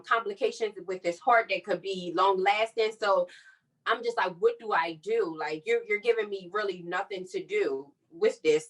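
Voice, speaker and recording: A young woman shares her story in an easy podcast chat, pitched in an ordinary middle range. She slips into the voices of the people around her as she tells it. The mic sits a little distance away from her. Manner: candid, animated retelling with quoted dialogue. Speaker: podcast co-host.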